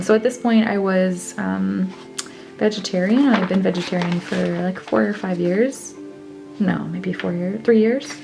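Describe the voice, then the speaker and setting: A woman's voice: medium pitch, steady tone, moderate pace, vocal fry, music in the background. A young woman casually talking through her old journals, rambling and reading entries aloud between asides. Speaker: vlogger.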